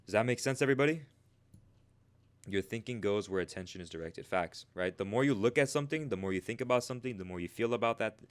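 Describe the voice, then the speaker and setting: A man with a fairly low voice hosts a live trading stream and teaches in a relaxed, conversational way. He reads out viewers' chat messages, answers them by name, and keeps asking "right?" to make sure they follow. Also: quick pace, clear, resonant tone. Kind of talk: casual livestream teaching.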